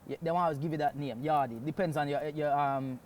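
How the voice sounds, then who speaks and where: Jamaican-accented male comic guest, lively storyteller, voice sits a touch high, faint room hiss. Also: fairly quick. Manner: animated storyteller, slips into Jamaican patois phrasing. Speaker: guest comedian. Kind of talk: casual chat.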